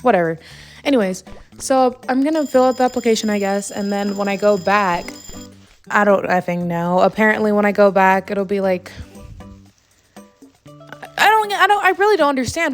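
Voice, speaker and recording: Her voice sits mid-range and her pace is quick as this young woman vlogger plays a game at home in the late evening. Faint music runs behind a rambling, exasperated story-rant stuffed with fillers, the kind of casual chatter gamers do at night.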